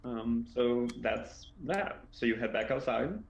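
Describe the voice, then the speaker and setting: Man, game master, halting narration, echoey room, dull sound. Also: medium pitch, slight background noise. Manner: halting narration with many fillers. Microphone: computer mic, online call.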